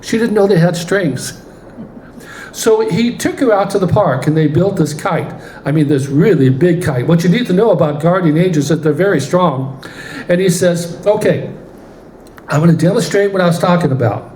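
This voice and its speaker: A man telling a story from the pulpit in an animated way in a church. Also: sits high, moderate pace, slight background noise. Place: church sanctuary. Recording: roomy church hall, faint ambience.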